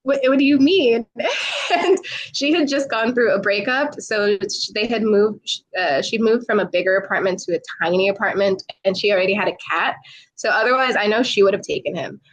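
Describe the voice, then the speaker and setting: A woman's voice: mid-range voice, a little fast, low-quality recording. A woman from New York, a podcast guest telling a story in casual chat, laughing often and acting out what people said. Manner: laughs often, animated retelling with quoted voices. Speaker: podcast guest, travel creator.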